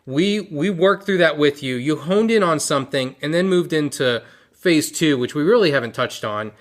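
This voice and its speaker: A man's voice: fairly high pitch, lively intonation, moderate pace. A man hosting a podcast, who affirms his guest and explains his program in an easy, conversational way. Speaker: podcast host. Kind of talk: casual interview chat.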